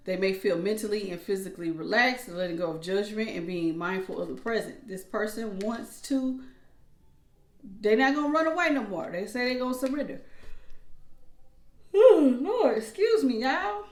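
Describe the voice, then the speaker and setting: A woman reads tarot cards in a loose, chatty way, with features. She slips into acted-out asides as she explains. Her voice sits at a middle pitch and echoes around the room. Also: lively intonation, moderate pace. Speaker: tarot reader. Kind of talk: casual tarot reading.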